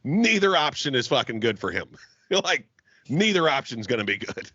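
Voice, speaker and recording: Husky, bright-voiced man swearing through banter. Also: medium pitch, very animated, normal speed, no echo. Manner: loud, laughing, swearing a lot. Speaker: podcast co-host. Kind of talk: casual profane banter. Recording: dull lo-fi dry recording.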